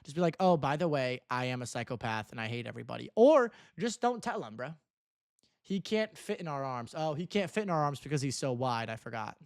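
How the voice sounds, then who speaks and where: A man's voice: medium pitch, lively intonation, brisk, no echo, studio quality. A young man streaming live, reading out viewer messages and answering them with teasing, mock-earnest banter, tossing "bro" onto the end of his lines. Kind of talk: casual livestream chat reading viewer messages.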